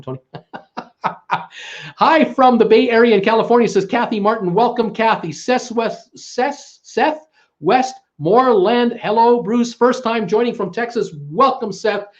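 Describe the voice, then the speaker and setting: A man's voice: high voice, unhurried, lo-fi sound. A man with a Canadian accent hosting a live stream, greeting viewers and reading their comments aloud, chatty and stumbling over names. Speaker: livestream host.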